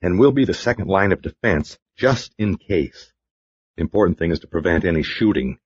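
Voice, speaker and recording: A man narrating an audiobook, voicing a calm, commanding man giving orders. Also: deep voice, normal speed, husky, muffled recording, voice pushed down.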